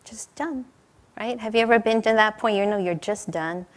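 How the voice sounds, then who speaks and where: Her mid-range voice runs a little fast as she preaches a sermon built around stories. This spiritual teacher is warm and conversational, with light laughter and questions for the audience.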